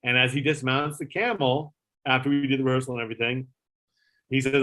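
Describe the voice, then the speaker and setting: Man, middle-aged, ex talk show producer, casual interview, animated anecdote, voices his quotes, average pitch. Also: fairly quick. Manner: animated storyteller, acts out quoted voices, frequent fillers and swearing.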